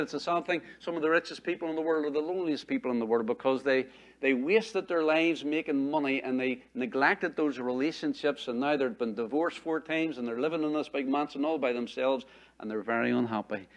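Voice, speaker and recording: Pastor preaching, fairly high voice. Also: male voice. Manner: conversational preaching, repeats phrases, asks rhetorical questions. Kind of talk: sermon.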